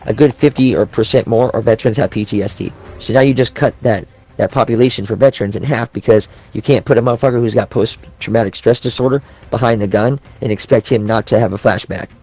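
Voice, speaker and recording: A man's voice: fairly low pitch, fast talker, a little mellow, husky, low-quality recording. A man ranting casually in a profane, rambling way, often restarting his sentences. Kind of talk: casual rant.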